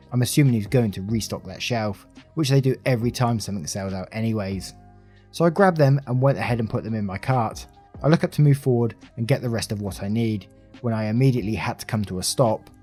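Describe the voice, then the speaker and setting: A man reading reddit stories aloud in a steady, matter-of-fact way, as the channel's narrator. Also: lowish voice.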